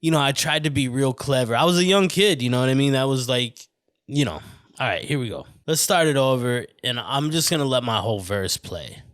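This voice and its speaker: A man hosting his own podcast, talking in a loose, rambling way that keeps drifting into tangents. He swears freely and keeps checking in with the listener. His voice sits at an ordinary pitch and sounds close and dry, with no room echo. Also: animated, fairly quick, fairly bright tone. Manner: rambling, off on tangents, swearing, often saying "you know what I mean". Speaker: podcast host. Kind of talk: casual podcast chat. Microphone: studio mic on camera.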